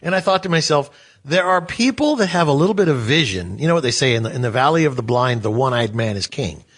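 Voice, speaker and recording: A man chatting casually as a co-host, telling animated stories and acting out the people in them. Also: mid-range voice, fast, breathy edge. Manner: animated, acts out voices in his stories. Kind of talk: casual storytelling chat.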